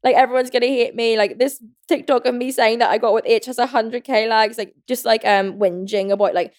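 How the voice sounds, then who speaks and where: A woman's voice: on the high side, fairly even intonation, moderate pace. A woman in her twenties hosting a podcast, chatting casually in a rambling way, full of fillers and the odd swear word. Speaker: podcast host. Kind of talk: casual chat.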